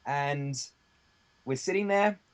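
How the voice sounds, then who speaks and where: A man's voice: a little high, slow. A man who is a guest on a podcast, telling a rambling anecdote in casual chat, with lots of fillers and the odd swear word.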